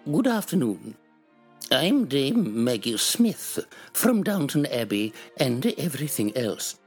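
A performer doing an impression of an elderly grand dame, reading her own fiction slowly and primly. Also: mid-range voice, very animated, darkish tone, husky, faint music behind, full character voice.

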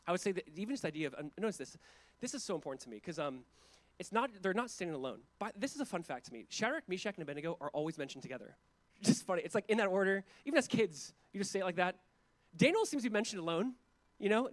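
Fast-talking, high-voiced male pastor. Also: sing-song. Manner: conversational and emphatic, with asides and chuckles. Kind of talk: sermon.

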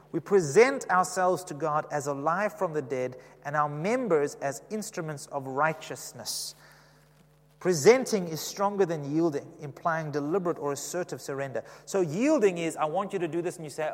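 Preacher in a reverberant hall. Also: male voice, a little high, normal speed. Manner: conversational, asks the congregation questions. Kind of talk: sermon.

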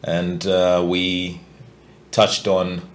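Deep, slow-talking man hosting a podcast. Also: completely flat delivery, a little hiss or hum. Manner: halting, many fillers and restarts. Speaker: podcast host. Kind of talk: casual podcast chat.

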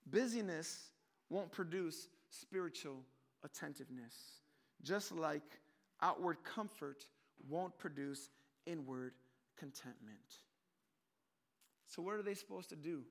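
A man preaching a sermon in a casual, conversational way, with animated swings between emphatic peaks and hushed asides. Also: fairly high pitch, takes it slowly, gravelly, long pauses. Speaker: pastor.

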